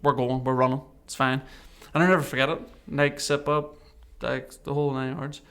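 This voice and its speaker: A man's voice: mid-range voice, normal speed, smooth. A man, a podcast guest telling a personal story and acting out what people said. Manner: animated, acts out remembered dialogue. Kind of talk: casual storytelling interview.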